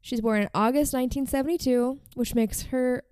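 A woman's voice: high voice, fairly even intonation, fairly quick, darkish tone, a little hiss or hum. A woman hosting a podcast, telling a story in casual chat with lots of "like" fillers. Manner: chatty, frequent "like" fillers. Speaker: podcast host.

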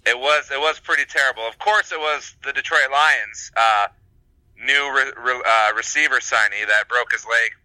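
Very bright-voiced hesitant man. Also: mid-range voice, moderate pace, no echo, rough recording. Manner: hesitant, many fillers and restarts. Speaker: podcast co-host. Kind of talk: casual chat.

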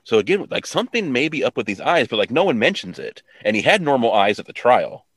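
A man's voice: mid-range voice, huge pitch swings, fast talker, husky. A man co-hosting a podcast, casually recapping a TV episode in a rambling way, full of fillers and quoted lines. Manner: rambling, many "like" fillers, quotes characters in offhand voices. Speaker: podcast co-host.

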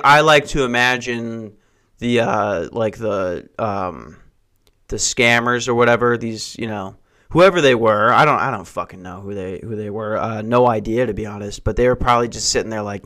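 A man's voice: mid-range voice, moderate pace, pushed and bright. A young man hosting a podcast, rambling through casual, profane, jokey stories. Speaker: podcast host.

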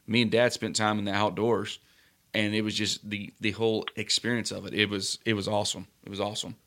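A man's voice: on the low side, flat delivery, fairly bright tone. A man co-hosting a podcast, chiming in with easygoing agreement and short reflections. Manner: easygoing, quick affirmations. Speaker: podcast co-host. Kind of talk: casual podcast chat.

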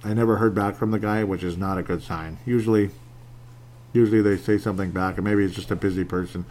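A man's voice: on the low side, steady tone, fast talker, darkish tone. A man hosting his own podcast alone at a home microphone, rambling and self-deprecating, laughing often, with some audible lip smacking. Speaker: podcast host. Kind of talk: casual solo podcast monologue.

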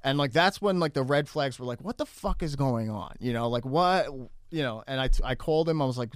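A man casually telling a story as a guest, animated and acting out what people said, with lots of fillers. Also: medium pitch, a little fast, hardly any pauses, no echo, clean studio sound. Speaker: comedian guest.

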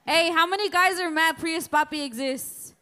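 A woman's voice: very high-pitched, normal speed. A woman co-hosting a podcast at a live show, teasing her co-host and hyping the crowd. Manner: teasing, loud crowd hype. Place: live pop-up show venue. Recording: noisy live-show recording.

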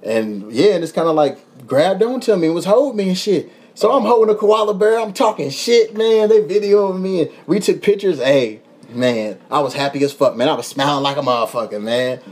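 A young man tells a travel story on his podcast, animated and swearing freely. His voice sits a little high and sounds husky. He laughs often in a loose, casual way. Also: brisk, hardly any pauses. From United States. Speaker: podcast host.

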